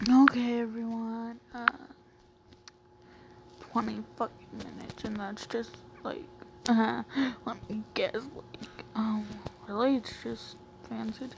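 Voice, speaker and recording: Brief: a slow-talking, rambling woman vlogger who slips into half-whispers, on noisy home audio. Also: fairly high pitch, little pitch movement, vocal fry. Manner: rambling, filler-heavy, often half-whispered. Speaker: YouTuber. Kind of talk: casual comic-reading vlog.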